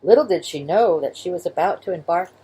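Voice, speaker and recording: Children's storyteller, woman; low-ish, husky, very animated read-aloud. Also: a little fast. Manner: expressive, gentle, with sound effects.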